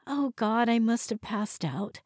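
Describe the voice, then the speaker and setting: A woman's voice: a little high, expressive, unhurried, a little mellow, breathy edge, dry recording, clean studio sound, voice pushed up. A woman voicing a flustered young woman scolding herself and calling out.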